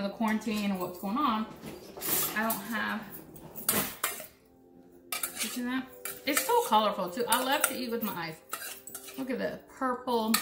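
A woman's voice: on the high side, gravelly, reverberant, noisy background. A young woman from Puerto Rico, chatting and joking with viewers while she chops vegetables in her home kitchen. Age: young adult. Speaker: cooking vlogger. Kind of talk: casual cooking demo.

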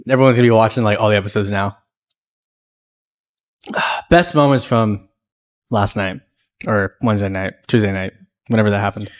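A man's voice: on the low side, steady tone, moderate pace, pauses often. A man co-hosting a casual podcast, often chiming in with teasing remarks. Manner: teasing interjections. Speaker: podcast co-host. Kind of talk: casual chat.

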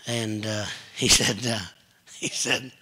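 A middle-aged man with a Kentucky accent, preaching a folksy, joking storytelling sermon that builds to loud preaching. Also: fairly low pitch, level tone, slow, slightly rough. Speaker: guest preacher.

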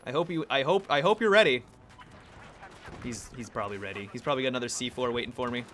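A young man talks fast over his own gameplay, joking casually, laughing, and getting excited, with sudden high squeals of surprise. There's a slight hiss or hum in the background.

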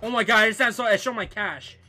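A young man streaming gameplay live, trash-talking opponents excitably and calling everyone bro and dude. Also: high voice, fairly quick. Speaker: gaming streamer.

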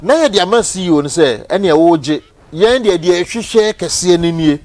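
A man's voice: high voice, expressive, moderate pace, a little mellow, a little hiss or hum. A man with a Ghanaian accent, a guest on a political talk show, explaining things step by step. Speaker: studio guest.

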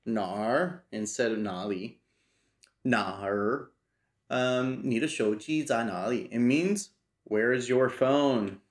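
Slow-paced man studying aloud. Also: medium pitch. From United States. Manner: slowly repeats phrases aloud, thinking as he goes. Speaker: language learner teaching himself. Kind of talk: casual study walkthrough.

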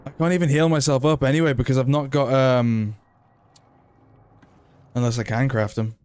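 A man's voice: mid-range voice, fairly even intonation, normal speed, darkish tone, a little hiss or hum. A man giving casual gameplay commentary, chatty and self-mocking, swearing when frustrated. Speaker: gaming video creator.

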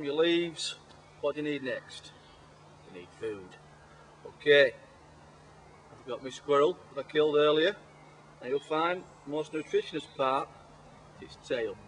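A man's voice: on the high side, expressive, normal speed, long pauses, a little hiss or hum, natural voice, poor audio. An actor playing a blustering, hapless male jungle survival expert, explaining steps in a mock-instructive way and swearing when things fail. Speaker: survival specialist in a comedy sketch. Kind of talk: mock survival-show presentation.

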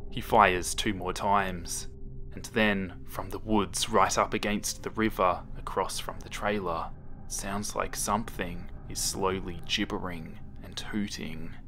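A man narrating a creepypasta horror story in a slow, hushed manner that sometimes drops to a whisper. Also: low-pitched, fairly even intonation, slight background noise.

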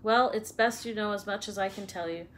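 A woman voicing a big, gruff, loyal giant man who speaks roughly and blusters. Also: medium pitch, a little fast, a bit bright, slight background noise, lightly acted, rough recording. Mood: worried.

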